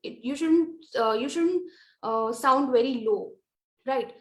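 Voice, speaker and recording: A woman with an Indian English accent giving a lecture on presentation skills, explaining in a measured way with frequent fillers. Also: sits high, roomy sound.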